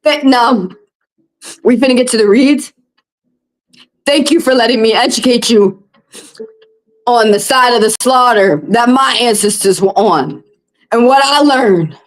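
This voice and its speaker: A woman's voice: on the high side, unhurried, long pauses, rough recording. A woman tarot reader on a livestream, ranting in a heated, blunt and profane monologue.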